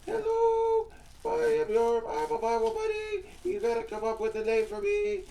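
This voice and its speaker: A bubbly, forward little girly doll talks in a very high, squeaky falsetto, as a man puts her on. Her soft, mellow tone gives a playful toy-box feel. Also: normal speed, creaky, far from the mic, full character voice.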